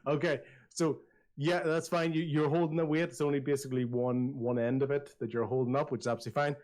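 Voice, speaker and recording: A man narrating a tabletop game as game master, telling the story in a lively way with many restarts. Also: medium pitch, fast.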